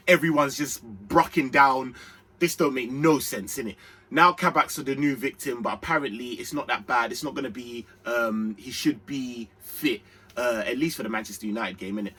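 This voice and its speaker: A young man chats through a football match reaction. His voice is bright with a husky edge, and his talk is excitable and full of slang. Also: medium pitch, normal speed. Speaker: football channel host. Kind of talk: casual fan match reaction.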